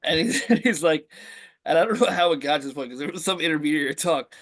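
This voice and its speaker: A man co-hosts a podcast and tells a story in loose, slangy chat. He keeps breaking into laughter, and his voice swings widely as he goes. It sits a bit higher than most men's. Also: quick pace. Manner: laughs through his stories, animated and slangy. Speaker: podcast co-host.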